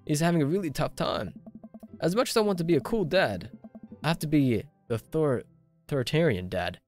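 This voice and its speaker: A man reading a weary, stern father from a dating game, apologetic and earnest. The voice stays close to the performer's own, with an Australian accent and lively pitch. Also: a little fast, soft background music, lightly acted. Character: stern, worn-out father and teacher.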